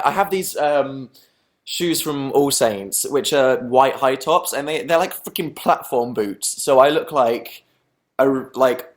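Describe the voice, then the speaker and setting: Self-deprecating British young man. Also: mid-range voice. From England. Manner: self-deprecating, rambling, answers chat. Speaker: livestream host. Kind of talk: casual livestream chat.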